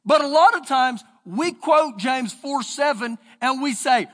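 A man with a Texan accent preaching a sermon as pastor, his voice rising and falling in pitch and loudness. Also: lively intonation, unhurried. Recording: church sermon with long reverb.

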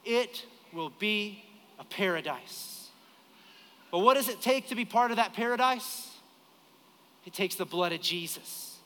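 Bright-voiced man preaching in a reverberant church. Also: sits high, a little slow, pauses often. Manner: storytelling, animated, acts out dialogue. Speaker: pastor. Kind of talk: sermon. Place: church sanctuary during live service. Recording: live church hall with reverb.

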